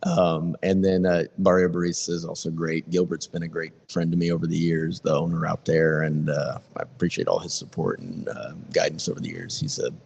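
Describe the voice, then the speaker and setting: A man being interviewed as a city council member, answering in a measured, earnest way. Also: low-pitched, steady tone, creaky, darkish tone, slightly rough. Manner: measured, earnest, civic talking points.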